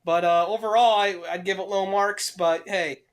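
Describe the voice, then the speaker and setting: A man's voice: high-pitched, fairly even intonation, normal speed. A young man co-hosting a podcast, joking sarcastically and swearing freely in casual banter. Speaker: podcast co-host.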